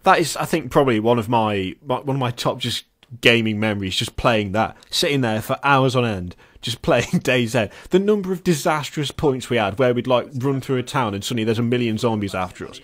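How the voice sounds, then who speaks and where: A man chatting casually with a co-host, rambling through his story with laughs breaking in between phrases. His voice sits at a middle pitch for a man. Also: brisk. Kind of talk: casual chat.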